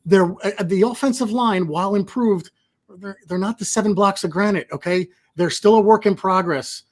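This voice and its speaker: Man with a slightly higher voice, a heated podcast guest who argues his point. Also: moderate pace. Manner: heated, argumentative, asks rhetorical questions. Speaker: podcast guest, team insider. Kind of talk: casual sports podcast chat.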